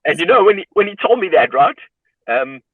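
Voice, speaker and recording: A man's voice: a little high, a little fast, husky, no room sound. A man, a guest in an interview who tells personal stories with feeling, leaning on "you know" as he goes. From South Africa. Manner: emotional, animated storyteller leaning on "you know". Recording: dry, tinny phone-like line.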